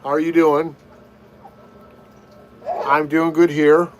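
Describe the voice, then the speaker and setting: A man's voice: fairly high pitch, little pitch movement, slow pace, low-quality recording. A man hosting a casual live stream, chatting with viewers and greeting them by name. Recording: loud background noise. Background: loud noise.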